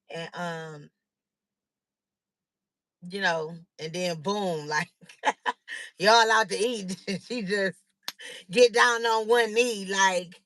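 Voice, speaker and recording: A woman chats casually with her viewers, rambling from thought to thought with lots of fillers and laughter. Her voice is bright and forward. The sound is dry and close, with no room echo. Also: mid-range voice, fairly even intonation, slow, pauses often. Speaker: livestream host.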